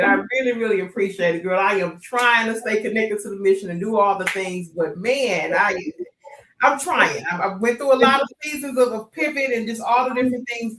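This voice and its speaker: A woman's voice: medium pitch, fairly quick, a bit bright, reverberant, a little hiss or hum. A woman hosting a podcast, effusive and emotional, laughing often and using casual slang. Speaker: podcast host. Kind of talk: casual interview chat.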